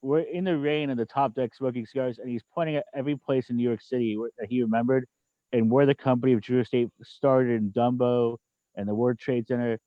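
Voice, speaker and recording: A man from the cigar industry speaking on a video call in a casual, reflective and unhurried way. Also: mid-range voice, fairly even intonation, no echo. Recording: dull video-call audio.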